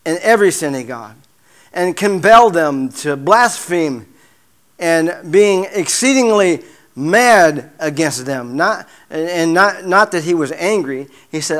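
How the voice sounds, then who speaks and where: Halting high-voiced male preacher. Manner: halting, repeats words, many fillers; drops to a hushed murmur in prayer. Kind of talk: sermon.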